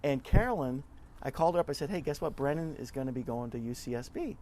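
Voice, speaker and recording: A middle-aged man, a nonprofit club leader, giving a casual interview and telling stories in a lively way, often acting out what people said. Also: mid-range voice, fast talker, noisy background. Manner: chatty, animated storyteller who acts out quotes.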